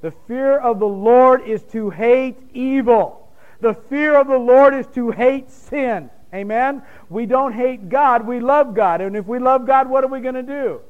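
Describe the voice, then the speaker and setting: A man's voice: very high-pitched, a little slow, smooth, narrow, tinny audio. A man preaching a sermon with emphatic bursts and questions thrown to the congregation. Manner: emphatic, rising to loud points, quizzes the congregation.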